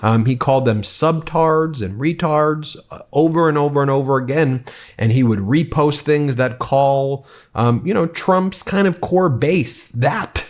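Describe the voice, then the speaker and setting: A man's voice: fairly high pitch, unhurried. Man doing casual political commentary. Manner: conversational, reads quotes aloud with some emphasis.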